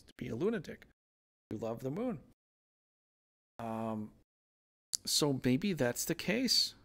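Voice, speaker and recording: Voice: medium pitch, gravelly. A tarot reader on their own channel, talking through a casual reading in a playful, rambling, goofy way full of tangents.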